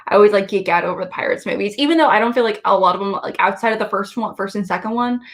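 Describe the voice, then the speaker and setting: A woman's voice: medium pitch, racing, fairly bright tone. A woman co-hosting a casual chat, rambling with many fillers. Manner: rambling, lots of fillers and laughs. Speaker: co-host.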